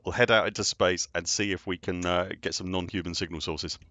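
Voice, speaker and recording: Excitable man streaming a game. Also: low voice, a little fast, no room sound. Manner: chatty and excitable, laughs often, self-deprecating. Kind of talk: casual live-stream chat.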